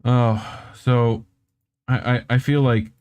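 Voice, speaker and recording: On his casual podcast, a host watches funny videos and reacts with constant swearing, frequent laughter and a slow drawl. He speaks in a mid-range voice with fairly even intonation and a darkish, clean tone.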